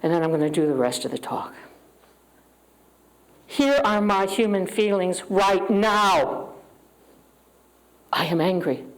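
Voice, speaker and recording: A woman speaking to a church congregation, giving an earnest, openly emotional spiritual talk and leading a prayer, with long pauses. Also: fairly low pitch, animated, low-quality recording. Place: church sanctuary with live audience. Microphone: handheld microphone.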